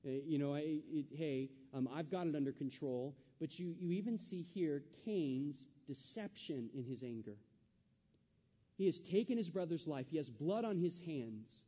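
A man's voice: fairly high pitch, expressive, moderate pace, warm tone, big-room sound, lo-fi sound. A male pastor preaching a sermon, acting out the quoted voices with rising intensity.

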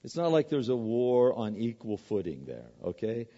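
A very animated male pastor preaches at normal speed in a medium-pitched, mellow voice. He drives his points home by repeating words and asking, then answering, rhetorical questions. Hall echo and dull lo-fi quality mark the recording.

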